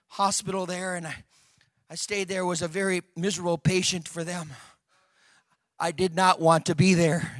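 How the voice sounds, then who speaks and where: An older man preaching a personal testimony, moving from quiet storytelling to shouted, fervent outbursts. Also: high voice, no room sound, studio quality. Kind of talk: sermon testimony.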